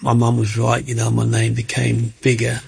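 A middle-aged man, chatting as an interview guest and telling his story in a lively way, acting out the voices of people he quotes. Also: medium pitch, moderate pace, creaky, noisy background. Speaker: guest, micro-sculptor.

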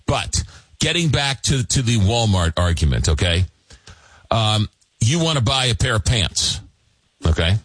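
A man hosting a late-night call-in radio show, reading listener messages aloud and answering with halting, filler-heavy talk. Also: on the low side, very animated, a bit bright, breathy edge, no room sound, rough recording. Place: radio studio.

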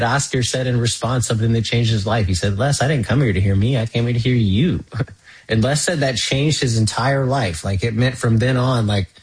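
A man interviewing a guest, a pianist himself, sharing an anecdote in a relaxed conversational way and laughing often. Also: mid-range voice, husky, poor audio. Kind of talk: conversational storytelling.

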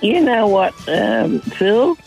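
A man with a gravelly, slightly raised voice who answers in slow, short, laconic bits. Faint music plays behind him. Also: sits high, very animated, darkish tone.

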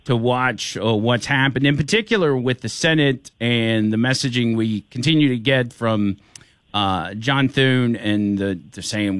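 A man's voice: mid-range voice, unhurried, fairly bright tone, no echo. An upbeat male talk radio host, folksy and eager as he welcomes his guest. His voice sits in a middle register. The studio sound is dry and close.

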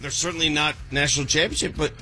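A man's voice: a little high, fairly even intonation, fast talker, pushed and bright, soft background music. A man co-hosting a casual sports talk show, matter-of-fact and teasing.

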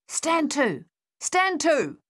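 A woman's voice: a little high, animated, normal speed, a bit bright, no echo, clean studio sound, pitched above the performer's own voice. A woman voicing a short-tempered male army captain who snaps and barks orders. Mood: shouting orders. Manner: snapping, barked orders.

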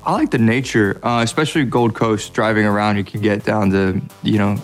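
An American man guesting on a radio interview, relaxed and rambling, joking at his own expense. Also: lowish voice, brisk, soft background music. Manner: relaxed, rambling, self-deprecating humor. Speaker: actor guest. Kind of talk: casual interview.

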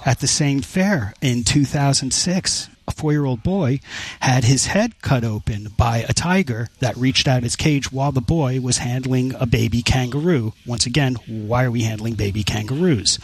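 A man's voice: medium pitch, slightly rough. A man being interviewed on radio, speaking earnestly and emphatically, with some restarts. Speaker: advocacy group state director.

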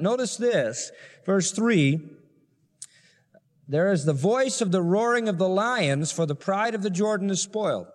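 A man's voice: sits high, expressive, moderate pace. Preacher man in an echoing hall. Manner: emphatic teaching, explains scripture verse by verse. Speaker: pastor. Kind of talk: expository sermon. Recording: long hall reverb.

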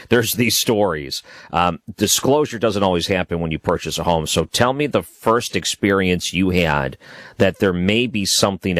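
A man's voice: sits low, no echo. A man hosting an interview, asking curious, conversational questions.

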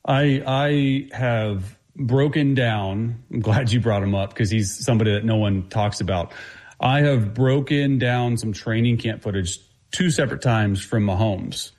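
A man's voice: mid-range voice, darkish tone. Confident male football analyst. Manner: fast, confident breakdown with restarts. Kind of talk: casual sports talk.

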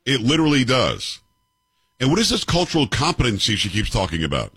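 Fifties male host, combative and sarcastic, husky lively delivery, dry studio sound. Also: mid-range voice, brisk, no echo. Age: 50s. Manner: combative, sarcastic, rhetorical questions. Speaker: commentary show host. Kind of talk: opinionated commentary on clips.

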